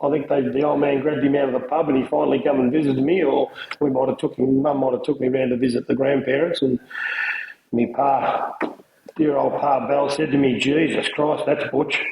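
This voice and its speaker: A man's voice: mid-range voice, level tone, fairly quick, creaky, dull audio. A middle-aged man with an Australian accent, a podcast guest telling stories in casual chat, laughing often. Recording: echoey room with noise.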